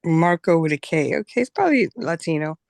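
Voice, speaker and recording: A woman co-hosting a casual podcast, chatting and laughing with quick asides. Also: sits low, lively intonation, vocal fry, darkish tone, dry recording. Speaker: podcast co-host. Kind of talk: casual chat.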